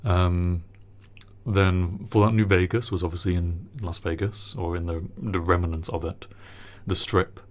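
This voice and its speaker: A man with a fairly low voice talks casually as co-host. His delivery rambles and jokes, filled with ums and restarts. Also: fairly even intonation, unhurried. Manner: joking, rambling, lots of ums. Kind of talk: casual chat.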